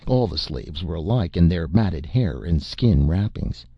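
A man narrating a novel as an audiobook, in a measured storytelling manner. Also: deep voice, animated, husky, dry recording, muffled recording. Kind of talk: scripted narration.

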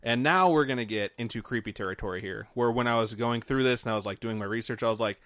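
A man's voice: mid-range voice, fast, fairly bright tone, dry recording, clean studio sound. A man co-hosting a podcast, telling a spooky story in a casual, joking, profane way. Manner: profane, jokey, mocking asides. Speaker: podcast co-host.

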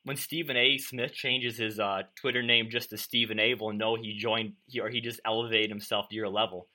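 A man's voice: fairly low pitch, flat delivery, brisk, bright, forceful tone. A man hosting a sports media podcast, chatty and self-deprecating, interviewing a guest.

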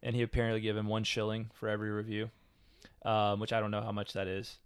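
A man's voice: fairly low pitch, completely flat delivery, fast talker, clear, resonant tone, no echo. Chatty man, casual podcast talk. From United States. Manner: chatty, hesitant, many fillers and restarts. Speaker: podcast co-host. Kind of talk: casual chat.

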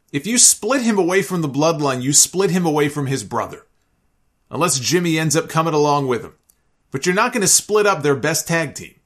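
A man recapping and giving opinions on a wrestling show in a casual, animated storytelling way, sometimes acting out what others said. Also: fairly high pitch. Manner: animated storytelling, acts out quoted lines. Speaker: wrestling commentator.

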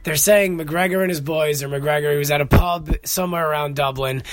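A young man hosting a podcast, telling stories in a casual, excitable, profane way. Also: on the high side, brisk, dry recording, faint music behind. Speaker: podcast host. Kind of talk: casual monologue.

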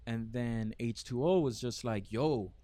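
A man's voice: mid-range voice, a little slow, warm tone, dry recording. Profane storytelling man from Miami. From Miami, Florida. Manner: profane, storytelling, mimics others' voices. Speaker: podcast guest, event organizer. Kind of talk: casual podcast chat.

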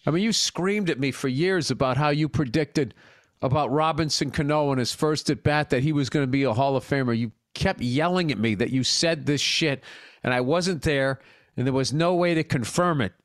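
High-voiced man ribbing his co-host. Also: moderate pace, dry recording, studio quality. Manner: profane, ribbing, animated storytelling. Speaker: podcast host. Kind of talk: casual sports chat.

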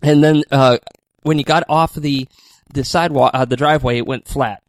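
A man's voice: medium pitch, fairly even intonation, moderate pace. A man hosting a radio chat, telling rambling funny stories and laughing often.

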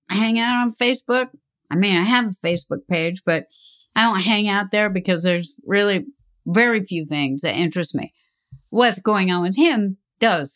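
Older woman, very slow pace, middle pitch, rambling, chuckling, reflective advice talk. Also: a bit bright. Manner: unhurried, rambling, chuckles often. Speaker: speaker giving life advice.

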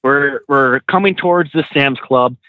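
In a casual storytelling interview, a man who drives and trains truckers shares animated road anecdotes, laughing often and restarting his sentences. He speaks unhurriedly at a medium pitch, with no room sound, over a dry, tinny line that sounds like a phone.

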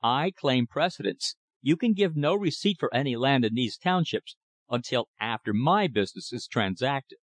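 A man voicing a calm, stubborn land buyer. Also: mid-range voice, normal speed, no echo, close to an everyday voice. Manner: calm, brief, level.

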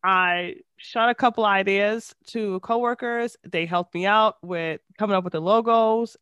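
A woman's voice: mid-range voice, a little slow, fairly bright tone, clean tone, no room sound, highs cut off. A woman with a nasal voice co-hosting a casual podcast, chatty and storytelling, recorded over a headset on a video call. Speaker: podcast co-host.

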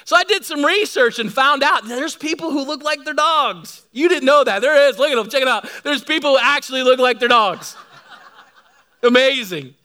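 A middle-aged man preaching a sermon, telling lively stories to his congregation. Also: very high-pitched, brisk, few pauses. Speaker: pastor.

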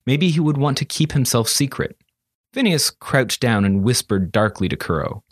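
Guy narrating an audiobook, lively ups and downs, dry close sound. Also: mid-range voice, moderate pace, slightly rough, dry recording.

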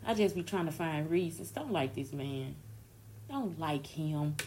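A woman's voice: low-pitched, animated, unhurried, slight background noise. A woman talking in a rambling, slangy casual monologue, often breaking into laughter and tears.

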